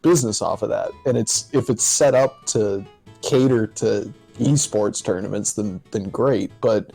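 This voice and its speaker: A man's voice: on the low side, a little slow, gravelly, warm tone, breathy edge, soft background music, low-quality recording. A man in a casual group chat, rambling with lots of filler words. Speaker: podcast co-host.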